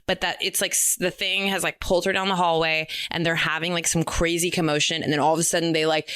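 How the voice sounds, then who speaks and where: A young adult woman with a low voice recaps a film in casual podcast chat. She tells the story animatedly and slips into the characters' lines, full of fillers. Her sound is dry and close. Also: flat delivery, quick pace, a bit bright, clear, resonant tone, no room sound.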